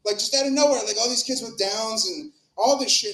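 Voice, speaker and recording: A man's voice: sits high, a little fast, fairly bright tone. A man doing a crude, rambling, profane open-mic stand-up set on a club stage. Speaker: stand-up comic. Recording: echoey club room.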